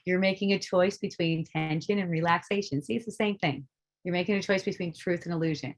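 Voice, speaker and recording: A middle-aged woman giving a casual spiritual talk, animated and profane, laughing often as she speaks. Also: on the low side, a little fast. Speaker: spiritual teacher.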